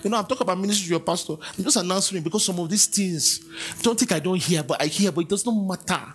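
A man's voice: sits high, racing, faint music behind. A Nigerian man preaching in a church, swinging between conversational asides and chanted King James scripture. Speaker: pastor. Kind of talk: sermon.

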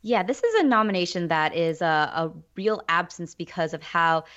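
A woman's voice: on the low side, expressive, normal speed, a bit bright. A woman on a film podcast panel, opinionated and casual, with frequent fillers and restarts. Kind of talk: casual chat. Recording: dull lo-fi audio.

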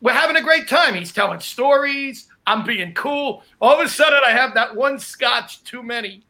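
Casting note: male comic, high bright voice, animated raconteur. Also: moderate pace. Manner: animated anecdote telling with laughs. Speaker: comedian. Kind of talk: casual storytelling chat.

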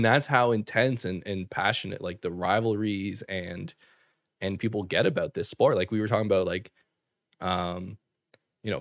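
A young man from Canada telling an animated story on a casual podcast, full of fillers and quick asides. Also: fairly low pitch, no room sound, studio quality. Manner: animated storyteller, fast filler-heavy talk with laughs. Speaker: podcast co-host. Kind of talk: casual chat.

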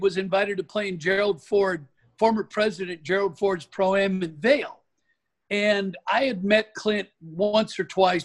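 An older man from Oregon tells a lively golf story as an interview guest, his voice sitting notably high for a man. He talks in an animated, storytelling way, building each anecdote. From Oregon, USA.

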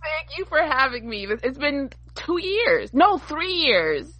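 A woman's voice: sits high, big pitch swings, takes it slowly, fairly bright tone, dry recording. A woman guest on a podcast, chatting casually and asking curious questions. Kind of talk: casual chat.

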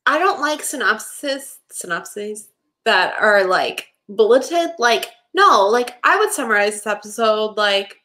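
A young woman co-hosting a casual rewatch podcast, animated and exasperated, saying "like" constantly. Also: medium pitch, unhurried. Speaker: podcast co-host.

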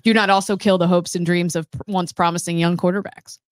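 Low-voiced woman chatting on a podcast. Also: steady tone, brisk, dry recording, clean studio sound. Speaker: podcast co-host. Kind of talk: casual sports podcast chat.

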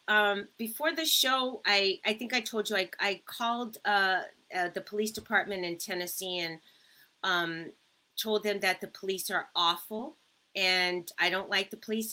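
A woman's voice: medium pitch, bright, forceful tone. A woman co-hosting a casual live chat, telling her story in an earnest, indignant way. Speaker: co-host, radio producer.

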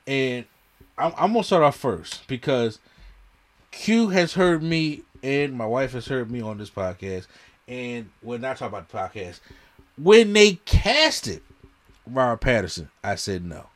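A man's voice: medium pitch, very animated, a little slow. A man hosting a podcast, telling an emphatic, slangy story in casual movie chat and often repeating himself. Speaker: podcast host.

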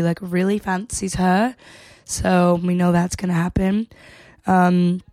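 A woman's voice: mid-range voice, a little mellow, no room sound. A woman hosting a podcast, chatting casually and sarcastically through a recap and swearing freely. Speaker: podcast host.

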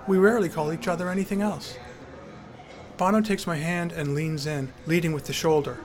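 A man's voice: on the high side, fairly even intonation, fairly quick, soft background music. A man narrating his own memoir in a wry, conversational storytelling manner.

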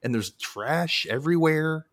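A man's voice: on the high side, animated, measured pace, fairly bright tone. A man hosting a podcast, casually recapping a TV episode and acting out quotes in playful voices. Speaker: podcast host.

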